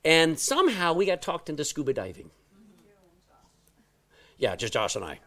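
A middle-aged male pastor preaching a sermon, telling a story with loud exclamations and quiet asides. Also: on the high side, big pitch swings, moderate pace.

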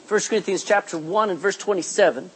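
A middle-aged male preacher giving a lively sermon, reading scripture and acting out everyday asides. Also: high-pitched, quick pace, slightly rough, rough recording.

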